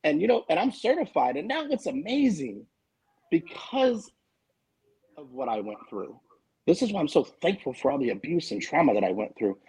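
A man's voice: on the high side, sing-song, normal speed, darkish tone, slightly rough, rough recording. A man in his forties talking candidly and emphatically in a casual panel chat, swearing freely as a guest author. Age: 40s.

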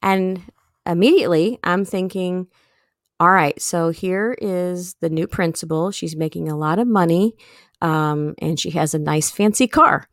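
A woman co-hosting a comedy podcast, telling a story in a casual, animated way and often jumping into high, excited bursts. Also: a little slow, dry recording, studio quality. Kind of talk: casual chat, telling stories.

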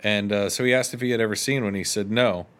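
A man with a fairly low voice tells an old story in a loose, chatty way. He drops into quoted lines and then breaks off with offhand asides, like a podcast co-host entertaining a friend. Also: fairly even intonation, fast talker, a bit bright, clean tone. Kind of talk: casual storytelling chat.

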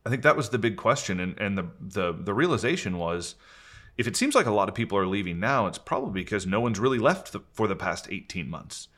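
A man's voice: on the low side, lively intonation, a bit bright. A man leading a company, candidly telling a long story on a video call in an earnest way, often restarting his sentences. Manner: earnest, frequent restarts, speeds up and slows down. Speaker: company leader and podcast host.

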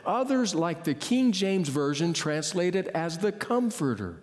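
A man preaching with earnest conviction, his fairly high voice carrying through a long, ringing hall reverb. He slows down to lean on key words and explains meanings like a teacher. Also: sing-song. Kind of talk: sermon.

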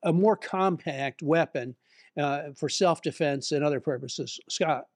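A man's voice: a little high, a little slow, no echo, studio quality. A man hosting a live talk show, under the weather and coughing, joking and rambling with fillers. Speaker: host.

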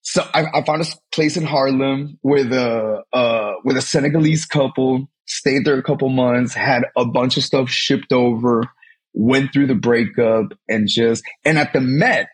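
A man from Mexico, a guest in an interview, telling his own story animatedly with many restarts. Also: slightly rough. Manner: animated, tumbling restarts, swings high when excited.

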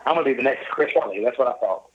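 A cheerful middle-aged man with a drawl, talking at an easy middle pitch. He tells a long personal story and slips into the voices of the people he quotes. The recording is a little dull and lo-fi, like a modest podcast setup. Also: lively intonation, racing. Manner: upbeat, jovial storyteller who acts out quoted dialogue. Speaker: podcast guest. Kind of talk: casual storytelling interview.

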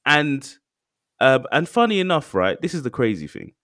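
A man co-hosting a podcast, talking in a casual, excitable way and acting out quotes. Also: mid-range voice, normal speed, no echo, studio quality. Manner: animated, excitable, acts out quotes. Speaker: podcast co-host. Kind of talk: casual chat.

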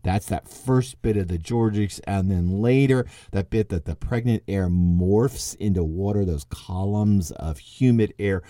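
A middle-aged man giving a lively spoken lecture as a podcast host, wry and conversational with quick asides. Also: lowish voice, no room sound, studio quality. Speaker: podcast host and literature teacher.

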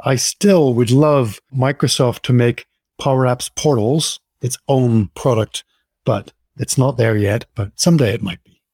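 A man's voice: medium pitch, unhurried, a little mellow, husky, dry recording, studio quality. A man hosting a podcast, reading an upbeat intro and then chatting in a friendly, jokey way with his guest. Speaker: podcast host. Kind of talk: podcast intro and interview chat.

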